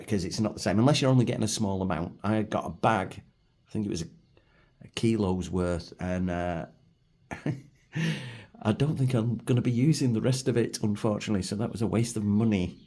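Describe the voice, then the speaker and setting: His voice low-ish and mellow, a middle-aged man from Manchester talks through a food review for his vlog at his table at home. He's chatty, rambling and quick to put himself down.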